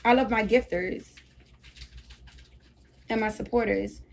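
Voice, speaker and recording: Young woman livestreaming, high voice with a gravelly edge, cussing and bossing her viewers around. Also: fairly even intonation, slow. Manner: profane, scolding, begging viewers for gifts. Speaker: livestream host. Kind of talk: casual livestream talk.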